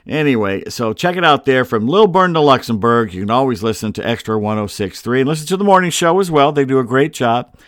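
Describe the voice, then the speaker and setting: A middle-aged man hosts a casual sports podcast at home, speaking at an ordinary middle pitch. He rambles in a wry, self-deprecating way. His voice sits close to the mic in a dry, dead room. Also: fairly quick, fairly bright tone, no room sound. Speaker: podcast host.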